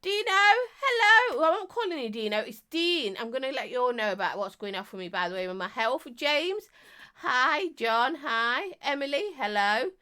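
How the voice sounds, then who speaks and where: Croaky woman streamer, higher voice with a lively, swinging pitch, chatty, self-deprecating. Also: moderate pace. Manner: chatty, self-mocking, greets viewers warmly. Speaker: live-stream vape reviewer. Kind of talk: casual live-stream chat.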